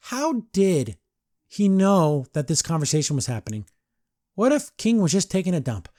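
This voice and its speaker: A man's voice: on the high side, big pitch swings, fairly quick, dark tone, dry recording, clean studio sound. A man casually recapping a cartoon episode, rambling with lots of "like" and acting out the characters' lines as he goes. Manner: rambling, heavy use of "like", acts out quotes. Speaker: podcast reviewer.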